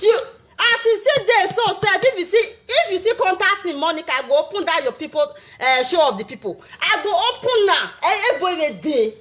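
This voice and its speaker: A Nigerian social media vlogger from Edo State rants to camera in Pidgin, taunting someone with cackling laughter and sing-song jeers. Her very high voice has lively intonation, a fairly quick pace and a slightly bright tone.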